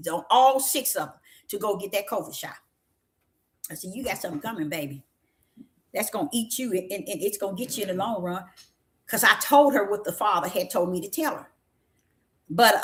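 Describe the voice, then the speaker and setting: A middle-aged woman telling a story to viewers in an animated, preachy way. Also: mid-range voice.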